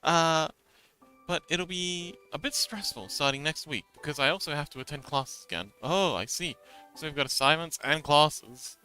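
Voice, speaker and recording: A man's voice: a little high, normal speed, bright, forceful tone. A man chatting playfully on a livestream while drawing, reading viewer messages aloud and answering them, with faint music behind. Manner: reads chat aloud and chats back, playful. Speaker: streamer drawing fanart. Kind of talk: casual livestream chat.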